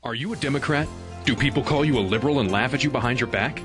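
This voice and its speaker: A man's voice: medium pitch, fast talker, over music, lightly acted. A man reading a parody political advertisement as an announcer. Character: brisk male political ad announcer.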